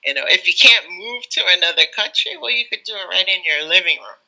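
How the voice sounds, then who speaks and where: A woman's voice: fairly low pitch, expressive, fairly quick, pushed and bright, low-quality recording. An American woman working as an English tutor, giving encouraging tips in a live online lesson with lots of "you know" fillers. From United States. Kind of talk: live online teaching chat.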